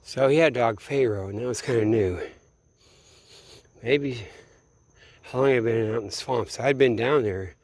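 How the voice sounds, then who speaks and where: A man's voice: medium pitch, moderate pace, pauses often, dry recording. A man from Minneapolis in a meandering, late-night solo monologue, swearing freely and often trailing off mid-thought. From Minneapolis, USA. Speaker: vlogger.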